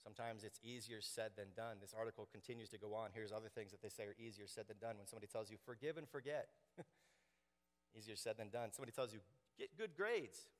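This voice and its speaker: A man preaching a sermon to his congregation, animated and joking, acting out quoted voices. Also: fairly low pitch, fast talker. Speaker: pastor. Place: church sanctuary. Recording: long hall reverb.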